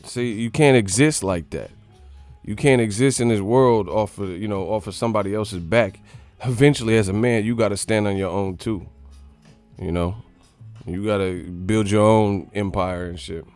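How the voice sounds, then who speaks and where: A man's voice: lowish voice, dry recording. A man hosting a boxing channel live stream, ranting in casual, profane, mocking chat.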